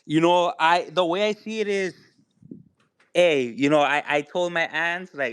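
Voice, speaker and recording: A man with a Mexican accent speaks earnestly and casually, with plenty of "you know" fillers. His voice is smooth and resonant, recorded dry and close. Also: a little high, measured pace, fairly bright tone, no room sound. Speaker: caller. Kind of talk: casual call-in chat.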